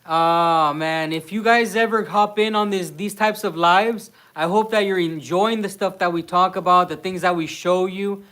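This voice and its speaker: A man from Mexico hosting a casual livestream, telling stories in a relaxed, talkative way and now and then slipping into Spanish. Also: high-pitched, moderate pace, few pauses. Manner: relaxed storyteller, slips into Spanish. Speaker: livestream host.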